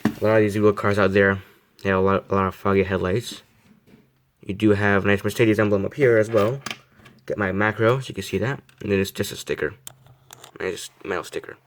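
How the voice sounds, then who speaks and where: A man's voice: on the low side, fairly even intonation, brisk, a little hiss or hum. A teenage boy casually reviewing a model car, rambling and self-deprecating, with many fillers and restarts. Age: teens.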